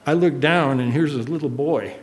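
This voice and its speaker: A man's voice: fairly high pitch, moderate pace, a little mellow. An older man preaching a sermon, telling a personal story in an earnest, emotional way. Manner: emotional, earnest, choked up at moments.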